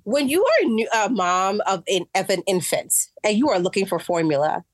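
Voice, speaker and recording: A woman telling a story in casual chat, animated and acting out what people said, getting exasperated as she goes. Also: medium pitch, a little fast, no echo, studio quality. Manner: animated, acts out quotes, rising exasperation. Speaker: guest.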